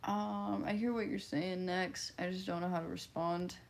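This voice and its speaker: A woman's voice: lowish voice, little pitch movement, normal speed, gravelly. Giggly young woman streamer chatting. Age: 20s. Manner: giggly, chatty, reacts to chat messages. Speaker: livestreamer reading chat. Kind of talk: casual live-stream chat.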